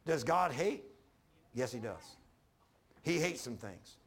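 A man preaching a fervent sermon as pastor, swinging from loud emphasis to hushed lows and calling on the congregation to answer. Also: sing-song, takes it slowly, gravelly, husky. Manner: calls for congregation responses.

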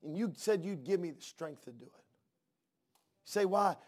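Male preacher, high voice, sermon style, soft-to-loud fervent delivery, repeats words mid-build. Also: expressive, normal speed. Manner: swings from soft hush to loud fervent outbursts. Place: church.

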